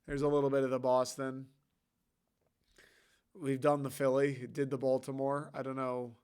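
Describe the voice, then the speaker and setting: A man's voice: mid-range voice, little pitch movement, normal speed, a little mellow, smooth. A young man from Michigan hosting a solo podcast, rambling in an offhand, casual way and swearing freely. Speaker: podcast host.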